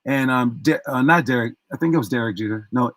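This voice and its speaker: A man's voice: mid-range voice, a little fast, fairly bright tone, no room sound. Man coaching players, dry close sound. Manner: retells a story with acted-out quotes and many restarts. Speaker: basketball coach. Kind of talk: motivational talk.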